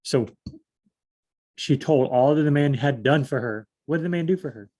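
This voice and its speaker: A man's voice: a little high, moderate pace, a little mellow. A man leading a casual Bible study, rambling and asking himself questions as he reads. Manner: rambling, thinks aloud and asks himself questions; repeats phrases, many fillers.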